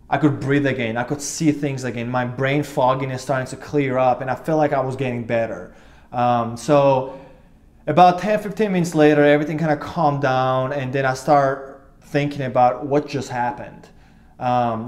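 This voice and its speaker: A man's voice: medium pitch, a little mellow. Earnest guy in his twenties telling his own story, kinda rambly, lots of ums. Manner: earnest, rambling, many fillers and restarts. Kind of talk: personal storytelling to camera.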